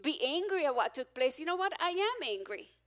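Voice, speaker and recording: A woman's voice: sits high, very animated, brisk, fairly bright tone. Woman pastor preaching with candid emphasis. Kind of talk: sermon.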